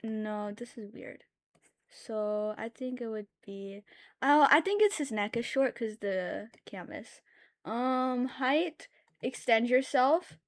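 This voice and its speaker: A young woman streaming while she draws, rambling and thinking aloud, with sudden loud, excited bursts. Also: a little high, slow pace. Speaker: art streamer. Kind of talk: casual live-stream chat while drawing.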